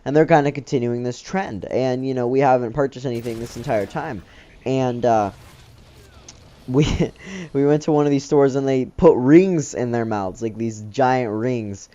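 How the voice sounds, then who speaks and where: Male gaming host, loose rambling storyteller, mellow dark tone, dull lo-fi mic. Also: medium pitch, a little slow. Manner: rambling, loose, filler-heavy talk. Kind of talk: casual storytelling over gameplay commentary.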